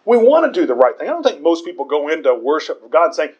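A man's voice: fairly high pitch, very animated, quick pace, a little mellow, dull audio. A man preaching a conversational Bible sermon in an earnest way, often stumbling over repeated words.

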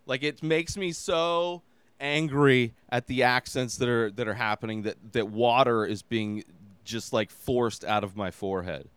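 A man's voice: medium pitch, a little slow, a bit bright, clear, resonant tone, dry recording. A man hosting his own podcast, giving a casual movie review in a rambling, exasperated way with lots of filler words. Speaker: podcast host.

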